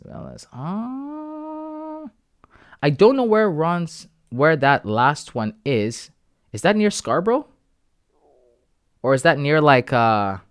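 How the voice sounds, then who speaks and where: A young man, chatting casually on a trading livestream, laid-back and slangy, reading out comments and breaking into loud shout-outs. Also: mid-range voice, no echo, studio quality. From Canada. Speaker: live-streaming forex trader.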